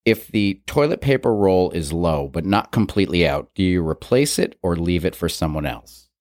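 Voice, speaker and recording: A man's voice: deep voice, expressive, normal speed, darkish tone, dry recording, clean studio sound. A man co-hosting a podcast, asking playful, joking questions in casual chat. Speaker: podcast co-host.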